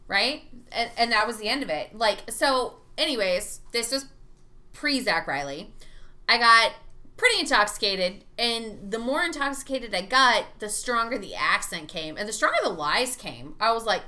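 A tipsy woman telling stories in casual chat, animated and swearing freely. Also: a little high, moderate pace. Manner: animated, profane storyteller. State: tipsy from drinking.

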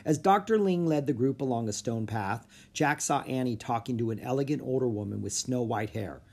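A narrator reading a children's chapter book aloud with expressive storytelling. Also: medium pitch, a little fast. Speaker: audiobook narrator.

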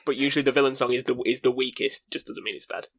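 A man's voice: mid-range voice, level tone, fast talker, slightly rough, no room sound. A man co-hosts a film podcast, rambling into jokey tangents. His voice sits mid-range and sounds dry and close. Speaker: podcast co-host. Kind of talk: casual film podcast chat.

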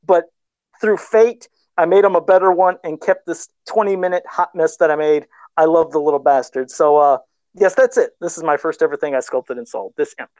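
A man's voice: on the high side, fairly quick, a little mellow, no room sound, poor audio. A man talking casually on a livestream about his first sculpted custom figure, self-deprecating and laughing often. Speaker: guest toy sculptor.

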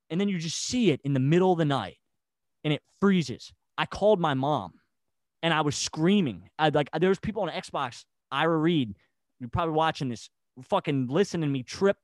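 A man's voice: on the high side, lively intonation, fast talker, no echo. A man ranting heatedly in a casual chat, stammering and restarting his sentences. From United States. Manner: agitated and rambling, with stammered restarts.

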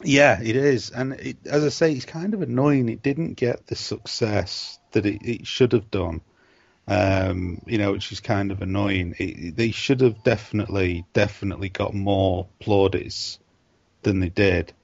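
Low-voiced man in casual podcast chat. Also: a little slow, vocal fry, no room sound. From northern England. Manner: laid-back, laughs often, trails off. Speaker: podcast co-host. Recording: dry, dull lo-fi mic.

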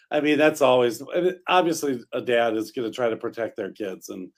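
A man, a real estate agent, co-hosting a casual chat and speaking in a halting, hesitant way. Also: mid-range voice, lively intonation.

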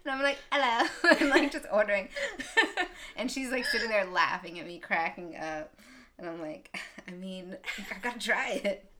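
Bright-voiced chatty woman co-host. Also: medium pitch, expressive, a little slow. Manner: chatty, laughs through stories. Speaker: podcast co-host. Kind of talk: casual chat.

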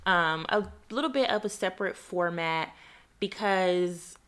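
A woman's voice: fairly low pitch, measured pace, a bit bright, clean tone. A young adult woman from the United States hosting a heartfelt faith podcast, speaking earnestly and close to tears, calling her listeners y'all. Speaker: podcast host.

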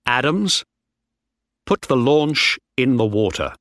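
A man's voice: medium pitch, sing-song, slow pace, fairly bright tone, dry recording, studio quality, pitched above the performer's own voice. A man voicing a desperate ship officer who turns into a determined mutineer. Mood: commanding. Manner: tense, determined.

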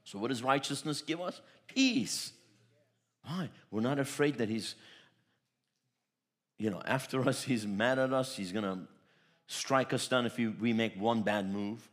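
A man preaching a sermon as pastor, storytelling with repeated phrases and swinging between loud declarations and soft asides. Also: medium pitch, measured pace, long pauses.

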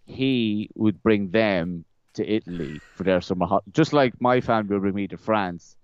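A man's voice: lowish voice, normal speed, smooth, no echo. A young man, a podcast guest, telling stories in a loose, rambling way, often repeating words and laughing. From Ireland. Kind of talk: casual conversational storytelling. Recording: slightly dull, dry close-mic sound.

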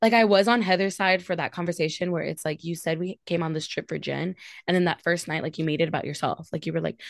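A woman's voice: sits low, steady tone, quick pace, gravelly, no echo, studio quality. A young woman co-hosting a casual reality TV recap, sassy and opinionated, laughing often. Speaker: podcast co-host.

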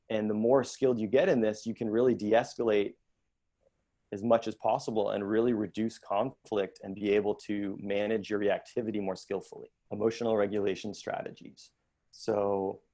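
A man, an emotion-focused therapist, giving a calm, measured talk on mindfulness in an online workshop. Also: fairly low pitch.

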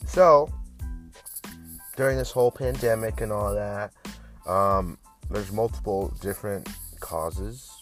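A young man hosting a show, talking in a crude, rambling monologue that swings between loud outbursts and mumbling. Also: sits low. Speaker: podcast host. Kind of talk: casual profane monologue.

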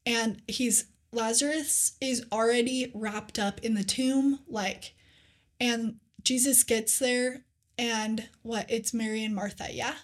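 A young woman co-hosting a faith podcast, telling scripture stories in an earnest, animated casual way with lots of "like.". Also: on the high side, slow. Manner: earnest, animated storytelling with many "like"s. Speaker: podcast co-host.

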